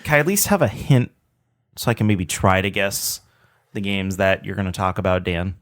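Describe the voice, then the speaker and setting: A man co-hosting a casual video game podcast, cutting in with jokes and teasing guesses. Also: low-pitched. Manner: quick joking interjections and teasing guesses. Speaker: podcast co-host. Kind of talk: casual chat about video games.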